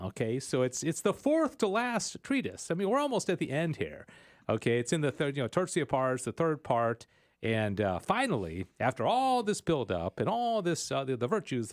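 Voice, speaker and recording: A man hosting a radio show, explaining things in a rambling, animated way. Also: medium pitch, no echo, clean studio sound. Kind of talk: casual teaching chat. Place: radio studio.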